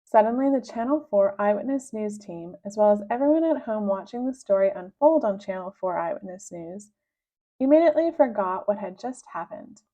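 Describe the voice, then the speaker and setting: A woman reading a children's book aloud with expressive, lively narration. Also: normal speed. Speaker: reader. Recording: dull low-fidelity sound.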